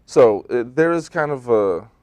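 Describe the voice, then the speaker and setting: A man, a stage actor, talking about his role in a relaxed, thoughtful, conversational way during a studio TV interview. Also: mid-range voice, measured pace, no room sound. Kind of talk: local TV interview.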